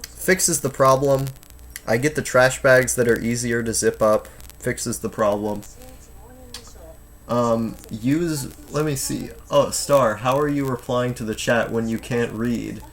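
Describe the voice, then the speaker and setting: A man's voice: mid-range voice, slow pace. A man in his twenties chatting casually on a live stream from home, reading chat aloud and rambling with lots of fillers and restarts. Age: 20s.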